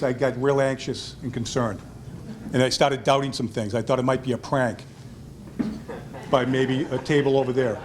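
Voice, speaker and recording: A man's voice: medium pitch, background noise. A man telling a self-deprecating story in a hall of fame acceptance speech at a restaurant event, acting out the voices of the people in it.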